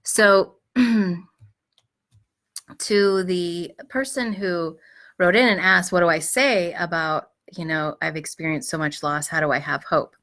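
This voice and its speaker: Middle-aged woman host, low-pitched yet bright and forceful tone, gentle advice talk with fillers. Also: steady tone, slow pace. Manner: gentle, reflective, frequent fillers and restarts. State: clearing her throat. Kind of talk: live-streamed advice talk.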